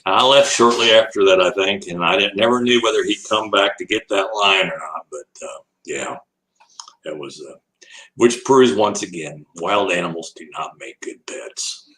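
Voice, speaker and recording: An older man who works as an animal educator appears as an interview guest, spinning a long anecdote, laughing often and acting out the voices of its characters. His voice sits low with a fairly bright tone, he speaks at a normal pace, and the audio quality is poor.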